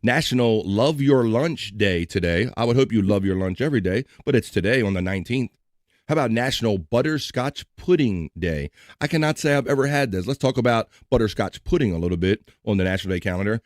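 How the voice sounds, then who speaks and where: A man's voice: on the low side, brisk, no echo, clean studio sound. A man hosting a live stream, chatting casually and joking, at times singing along. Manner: energetic, jokey, sings along.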